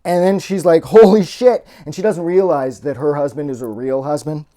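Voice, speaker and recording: Male movie reviewer, mellow low tone, loose and profane off-the-cuff delivery. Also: expressive, fairly quick. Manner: rambling and heavily profane; loose, with many fillers and trailing restarts. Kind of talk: casual spoken movie review.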